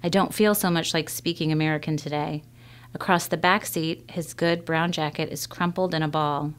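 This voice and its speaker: A woman reading a children's novel aloud in a measured first-person storytelling manner. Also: low voice, fairly even intonation, smooth. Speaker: reader.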